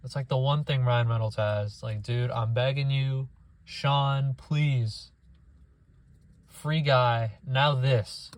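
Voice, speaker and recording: A man's voice: medium pitch, steady tone, slow pace. A young man giving a profane, exasperated movie review rant, often mocking people in put-on voices.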